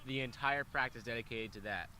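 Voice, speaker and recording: A man giving casual color commentary on a baseball game, with relaxed, rambling asides. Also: medium pitch, a little fast, a little hiss or hum, low-quality recording.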